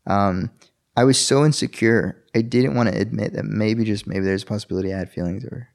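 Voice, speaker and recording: A man's voice: a little fast, creaky. A man casually telling a personal story and acting out the dialogue with big jumps in his voice. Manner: animated, acts out quoted dialogue with sharp pitch jumps.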